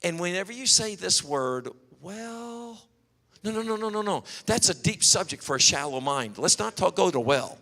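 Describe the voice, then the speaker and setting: A man preaching a sermon, telling animated stories and acting out quotes. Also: sits high, moderate pace, gravelly. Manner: storytelling, animated, acts out quotes. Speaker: pastor. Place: church hall. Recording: long hall reverb.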